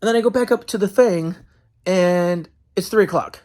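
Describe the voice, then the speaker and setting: A man's voice: high voice, normal speed, a little mellow. Male vlogger, casual rambling rant, frustrated, heavy on fillers.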